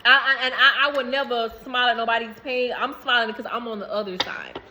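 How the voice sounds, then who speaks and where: Bright-voiced woman rambling to camera. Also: fairly high pitch, steady tone, brisk, low-quality recording. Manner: rambling, repeats herself, laughs between phrases. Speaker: vlogger. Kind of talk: casual spiritual talk to camera.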